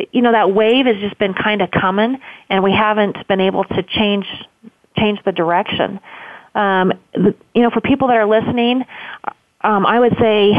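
A woman's voice: mid-range voice, dry recording. Lady on a phone call telling a story, lots of um and you know, sounds like a phone. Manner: earnest, rambling with many fillers. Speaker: homeless shelter director. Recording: tinny phone line, dry.

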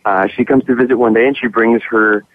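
A man's voice: medium pitch, steady tone, fairly quick, no room sound. A man being interviewed about his acting work, answering earnestly and at length with many fillers and restarts. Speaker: guest actor. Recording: dry, tinny phone-like line.

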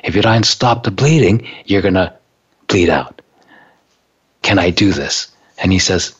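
A man telling a story in a casual, animated way, acting out what people said and laughing along. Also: low-pitched, a little slow, long pauses, slightly rough, highs cut off. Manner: animated, acts out quoted voices, laughs while telling.

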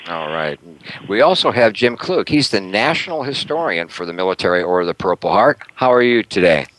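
An upbeat man hosts a talk radio show and chats loosely, with fillers and small laughs along the way. His voice sits a little low. The sound is dry and close, with no room around it. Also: expressive, brisk, fairly bright tone, no echo, poor audio. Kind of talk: casual radio hosting.

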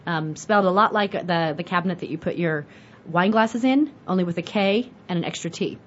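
A woman's voice: lowish voice, fairly quick. An American woman hosting a wine show, chatting casually as she teaches and asking and answering her own questions with animation. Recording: dull lo-fi audio with faint hiss.

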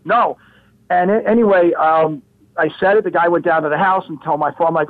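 A man in his fifties telling a childhood story as a guest, animated and repeating his words. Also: high-pitched, fairly quick, no echo. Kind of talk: casual storytelling. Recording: phone-like radio line.

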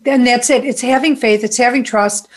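A woman's voice: fairly high pitch, steady tone, moderate pace. A woman hosting a call-in talk show, chatting casually and affirming her guest. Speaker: radio show host.

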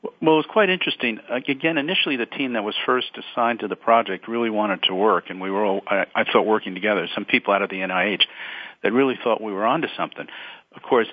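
A man appearing as a doctor guest on a radio interview, telling his story quickly and earnestly. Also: fairly low pitch, slightly rough. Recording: dull lo-fi phone sound.

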